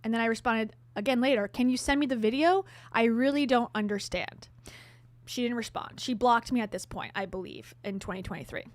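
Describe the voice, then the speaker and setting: A woman talks straight to her viewers in a chatty, candid tone, slipping in sarcastic asides. Her voice sits a bit high and the sound is dry and close. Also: brisk, no room sound. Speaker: vlogger host. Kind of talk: casual storytelling to camera.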